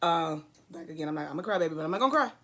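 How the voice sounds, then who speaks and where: A woman's voice: low voice, animated, racing, a bit bright. Earnest preachy woman giving a pep talk. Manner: earnest, preachy, emphatic repetition; loose, rambling asides. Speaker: vlogger. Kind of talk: motivational talk to camera.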